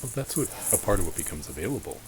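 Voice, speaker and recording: Deep-voiced man hosting a reflective talk. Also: very animated, very fast, darkish tone, rough recording. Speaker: podcast host. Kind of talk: reflective podcast conversation.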